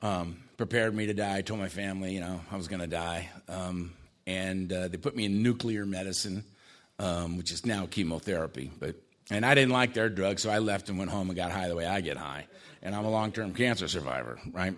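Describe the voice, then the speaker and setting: A man telling his own life story in a casual, conversational way, with dark humor and frequent tag questions. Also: low-pitched, a little fast. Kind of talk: personal testimony talk.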